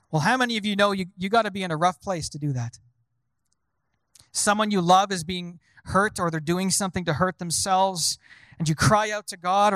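High-voiced male pastor preaching. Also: fairly bright tone, dry recording. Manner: rhetorical questions to the congregation. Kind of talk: sermon.

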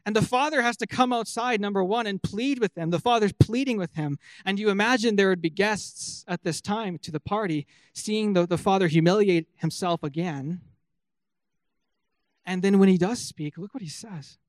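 A man with a notably high voice delivers an earnest sermon, pressing his points home and asking his listeners questions as he teaches. The recording is dry and close, with no room sound. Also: normal speed, dry recording. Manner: earnest, emphatic preaching with rhetorical questions. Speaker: pastor.

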